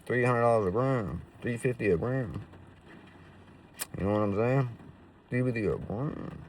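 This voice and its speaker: A man's voice: mid-range voice, measured pace, distant mic, slight background noise. A man casually telling stories to camera in profane, slangy street talk full of fillers. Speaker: roofing business owner.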